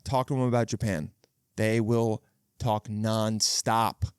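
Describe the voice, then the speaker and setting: A man's voice: fairly low pitch, flat delivery, slow pace, clean tone, no echo. A man in his thirties hosting a casual solo podcast, rambling and joking with plenty of swearing and restarted phrases, close on the mic. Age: 30s. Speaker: podcast host. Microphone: close studio mic.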